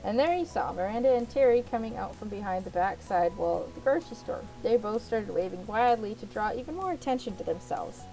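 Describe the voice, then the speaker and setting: A woman's voice: mid-range voice, animated, fairly quick, hardly any pauses, dark tone, soft background music, low-quality recording. A woman reading a visual novel aloud as a let's play narrator, in the second person.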